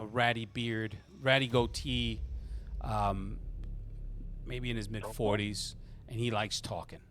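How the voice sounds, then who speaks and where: A man narrates a tabletop game as game master, rambling and restarting his sentences. His voice is bright and sits at a middle pitch. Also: a little hiss or hum.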